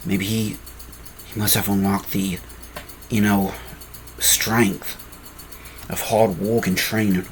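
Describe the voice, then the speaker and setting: A man voicing a calculating male villain who broods in a low mutter about a rival growing stronger. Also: a little hiss or hum.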